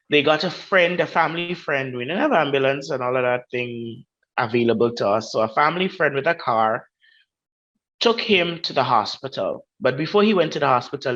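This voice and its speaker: A woman's voice: very deep voice, a bit bright, muffled recording. A woman with a Grenadian accent, a podcast guest telling a personal story and acting out the voices of the people in it. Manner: vivid, acts out quoted voices.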